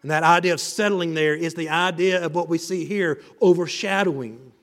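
Male pastor, expository preaching, higher register, emphatic swells; reverberant sanctuary. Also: moderate pace, fairly bright tone. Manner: builds to emphatic, rising passages then drops low. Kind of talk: expository sermon. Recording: reverberant hall.

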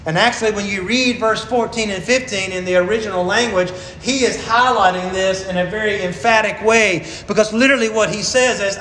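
A pastor preaches with a high, earnest voice, leaning hard on his key phrases and slowing down to stress them. The room is echoey and roomy, with a faint hiss of ambience underneath. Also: sharp tone. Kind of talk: sermon.

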